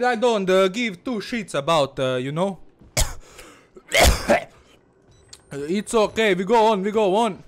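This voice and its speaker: A man's voice: high-pitched, sing-song, slow, long pauses. A man doing comedic let's-play commentary, mixing broken English with his own language, swearing and muttering nervously as he plays. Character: fearless-boasting Balkan village man persona. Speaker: gaming channel host.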